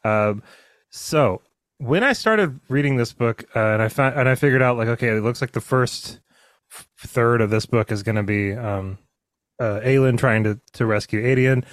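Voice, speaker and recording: A man talking through a book with a friend in a loose, rambling way, full of fillers, restarts and quick acted-out impressions. His voice sits at an ordinary pitch and sounds close and dry, with no room around it. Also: dry recording. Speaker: podcast co-host. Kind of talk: casual book discussion.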